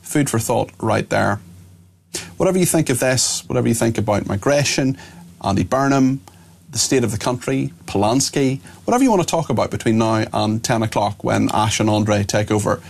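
Gravelly-voiced male talk radio host. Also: lowish voice, normal speed. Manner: indignant, rhetorical questions. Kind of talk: opinionated talk radio presenting. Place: radio studio.

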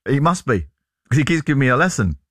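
A man's voice: medium pitch, very animated, fast, fairly bright tone, dry recording, studio quality. A man co-hosting a sports radio show, chatting and joking in a loose, laughing way. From West Country, England. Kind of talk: casual studio banter.

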